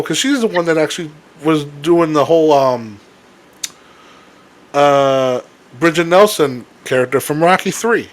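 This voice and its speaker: A young man co-hosting a casual chat, rambling with halting restarts and swearing freely. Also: fairly high pitch, animated. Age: young adult. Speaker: podcast co-host.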